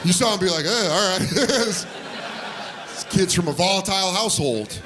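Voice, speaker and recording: Speaking at a moderate pace, a man performs stand-up in a comedy club, animatedly voicing the people in his story with sharp pitch jumps. Crowd noise and laughter from the audience make the background noisy.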